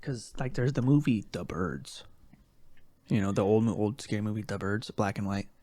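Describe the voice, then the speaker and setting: A man co-hosting a casual podcast, bantering in a relaxed, profane way with quick jokes. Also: on the low side, no room sound. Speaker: podcast co-host.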